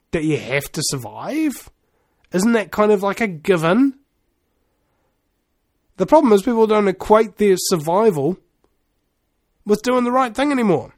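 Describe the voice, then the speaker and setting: Animated sardonic man. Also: sits high, no room sound, studio quality. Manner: sardonic, theatrical, laughs at his own lines. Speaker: commentator. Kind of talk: rambling monologue.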